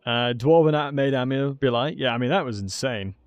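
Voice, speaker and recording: A man giving casual, excitable commentary while streaming a strategy game and talking to his chat. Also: medium pitch, brisk, clear, resonant tone, no echo. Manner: chatty, excitable, talks to chat.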